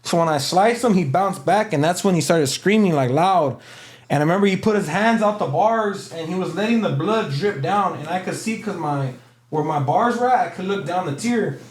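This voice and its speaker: This interviewee's long story unfolds in loose slang, wandering along with many fillers. He has a high, expressive voice and speaks at normal speed.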